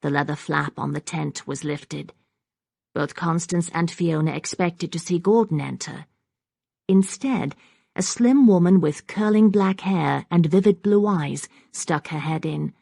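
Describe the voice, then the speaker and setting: A woman narrating an audiobook in a measured, even reading on a close studio mic. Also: low-pitched, gravelly, no echo. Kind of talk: scripted narration.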